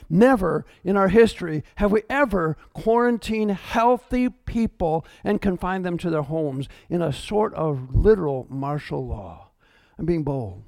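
A man preaches a sermon in a fairly high voice. He hammers key words again and again, rising to loud declarations and dropping to hushed asides. The sound is close and dry, with no room around it. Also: no room sound. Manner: emphatic, repeats key words, swings between loud and hushed. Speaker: pastor.

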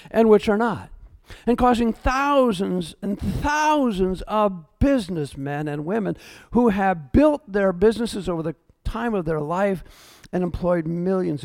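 A man preaching a sermon as pastor, emphatic, repeating key words and swinging between loud declarations and hushed asides. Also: sits high, dry recording.

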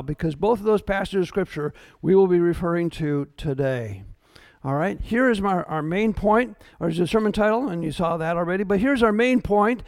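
A man preaches a sermon in a fairly high voice. He hammers key words again and again, rising to loud declarations and dropping to hushed asides. The sound is close and dry, with no room around it. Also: no echo. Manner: emphatic, repeats key words, swings between loud and hushed. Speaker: pastor.

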